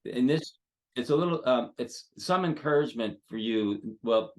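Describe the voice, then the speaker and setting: A man, a headshot photographer, giving rambling, halting advice full of fillers as a guest in an online seminar. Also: fairly low pitch.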